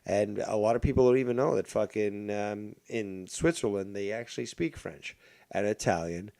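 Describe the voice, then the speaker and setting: A man's voice: lowish voice, normal speed, gravelly, mellow. Profane rambling man hosting a podcast. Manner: profane, rambling, rants with heavy swearing. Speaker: podcast host. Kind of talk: casual podcast chat. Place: living in Canada.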